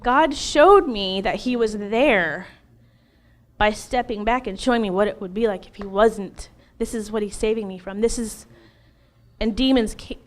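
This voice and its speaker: A middle-aged woman in an interview, telling her personal testimony in an emotional, animated way, laughing often and acting out what she once said. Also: medium pitch. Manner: animated, laughs often, acts out her own past words.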